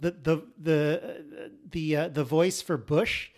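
Halting man chatting casually. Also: on the high side, darkish tone. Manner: halting, searches for words with many restarts. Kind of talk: casual conversation.

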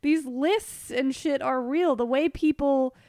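A woman's voice: sits high, slow, darkish tone, no echo, studio quality. A woman in casual podcast chat, speaking candidly and with emphasis. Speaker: podcast co-host.

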